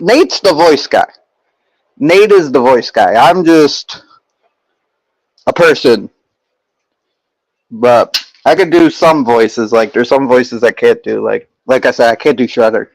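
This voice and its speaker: A man's voice: on the high side, no room sound, poor audio. A young man streaming and chatting casually with his viewers, rambling with lots of fillers and restarts.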